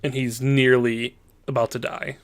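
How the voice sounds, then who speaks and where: A man's voice: medium pitch, flat delivery, a little slow. A man narrating as game master in a loose, casual way with lots of fillers.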